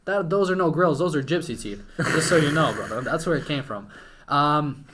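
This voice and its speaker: A young man from Ukraine, a podcast guest, telling a story with excitement and casual swearing. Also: fairly high pitch, moderate pace, noisy background. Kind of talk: animated storytelling.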